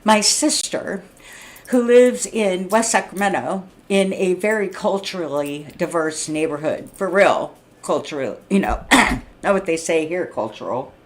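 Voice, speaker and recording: A middle-aged woman vents on a livestream, talking straight into her microphone. She is blunt and profane and keeps clearing her throat. Her voice sits a little low for a woman. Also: measured pace. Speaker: vlogger. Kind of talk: unscripted rant to camera. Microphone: streaming setup mic.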